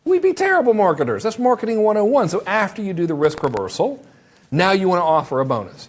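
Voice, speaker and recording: A man teaches a sales class with a husky voice that sits a bit high. His delivery is animated, and he slips into sample pitches as he goes. His voice sounds strained from long talking. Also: quick pace. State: voice strained, stops for water. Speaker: marketing instructor.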